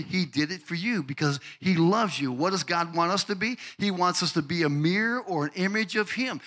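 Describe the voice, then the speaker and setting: An older man preaching a fervent sermon, calling out congregants by name and building to shouted climaxes. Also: high-pitched. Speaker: pastor.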